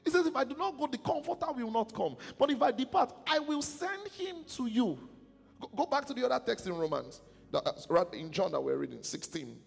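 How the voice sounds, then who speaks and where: A man's voice: very high-pitched, brisk, gravelly, slightly rough. A man preaching a sermon, reading scripture aloud and quizzing the congregation with repeated questions. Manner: animated, call-and-response questions to congregation. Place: church hall. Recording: long hall reverb, faint music.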